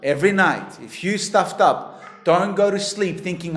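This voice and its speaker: A man preaching a sermon earnestly, rising to emphatic peaks and then dropping low and quiet. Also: unhurried, roomy sound.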